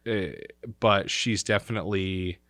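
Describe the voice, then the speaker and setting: A man's voice: sits low, steady tone, a little slow, fairly bright tone, no echo, studio quality. A young man as a podcast guest, telling stories in a rambling, casual way full of fillers. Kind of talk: casual chat, storytelling.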